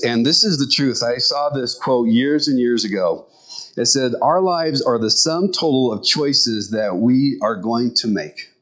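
A middle-aged man preaching a sermon in a conversational way, now and then acting out lines in squeaky voices. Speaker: pastor.

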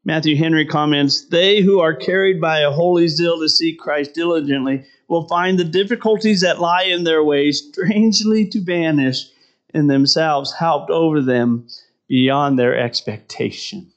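A man's voice: a little high, unhurried, muffled recording. A middle-aged man preaching a sermon in a conversational way, often asking "right?" and laughing between points.

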